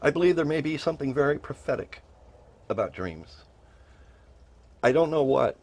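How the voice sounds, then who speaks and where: A middle-aged man tells a personal story in an earnest, emotional way. His voice sits a little high and swings widely as he repeats words. He often rises into pleading. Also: expressive, moderate pace, darkish tone. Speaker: podcast host telling a personal story.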